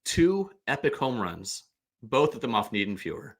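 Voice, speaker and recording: A man from the St. Louis area, a podcast guest, telling stories in an animated, rambling way with lots of restarts. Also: medium pitch, a little slow. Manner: animated, digressive storyteller. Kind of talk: casual chat.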